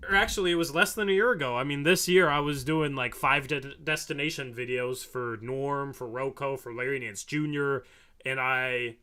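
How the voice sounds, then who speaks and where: A man in the middle of a loose postgame podcast chat, talking in a rambling, easygoing way. His voice sits at an ordinary middle pitch and often trails off softer toward the end of his thoughts. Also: moderate pace. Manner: rambling, laughs often, drifts soft and quiet. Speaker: podcast host.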